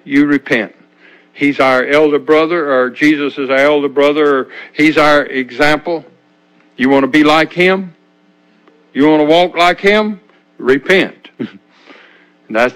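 An older man preaching an informal sermon in a folksy, halting way, often restarting his sentences. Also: medium pitch, a bit bright, low-quality recording.

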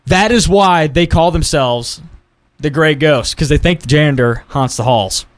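Man, podcast host, high voice, casual chat, laughs often, studio mic. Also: measured pace. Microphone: studio microphone.

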